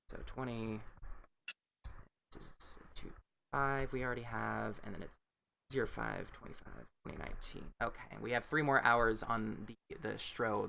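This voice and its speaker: Bright-voiced chatty male streamer. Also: lowish voice, creaky, a little hiss or hum. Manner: chatty, greets viewers and reads chat while playing a game. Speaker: livestream host. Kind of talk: live-stream chat with viewers.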